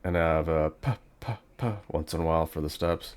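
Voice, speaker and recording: A man's voice: rumbling low, fairly quick, a little mellow. A man giving casual, rambling commentary while playing a video game, thinking aloud with plenty of fillers. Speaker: gaming channel host.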